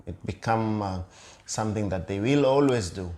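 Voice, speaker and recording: A man's voice: fairly low pitch, normal speed, mellow. A man co-hosting a relationship talk with his partner, speaking earnestly and repeating his points with fillers. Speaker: co-host of a couple's channel. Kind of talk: casual chat.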